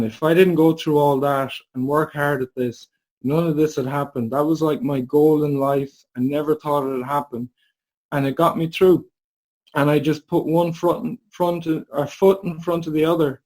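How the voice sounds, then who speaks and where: A man in his forties telling a candid personal story, animated and casual, over a video call. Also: fairly high pitch, poor audio. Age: 40s.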